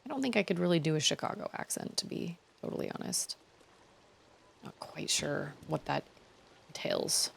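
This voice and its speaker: A woman playing through a video game and chatting casually to viewers. She is self-deprecating and often trails off mid-thought. Her voice sits a little low for a woman. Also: lively intonation, moderate pace, vocal fry, long pauses, a little hiss or hum. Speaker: game streamer. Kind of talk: casual let's-play commentary.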